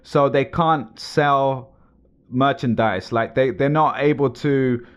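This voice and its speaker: A man's voice: medium pitch, slow pace, dull audio. A man co-hosting a podcast, chatting casually and explaining at length in loose sentences, often laughing. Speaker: podcast co-host. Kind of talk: casual chat.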